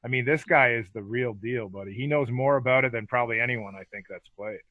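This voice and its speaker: A man telling stories as a podcast guest in a casual interview, animated and swearing freely. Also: mid-range voice, fast, no room sound, narrow, tinny audio.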